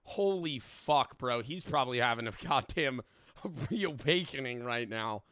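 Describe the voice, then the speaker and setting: A young man riffs over a video as a streamer, joking and laughing as he goes. His voice is bright and animated, with lots of up-and-down movement. It is recorded dry and close on a desk mic. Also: mid-range voice, measured pace, dry recording. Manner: joking, laughs often, swears. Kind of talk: casual reaction commentary.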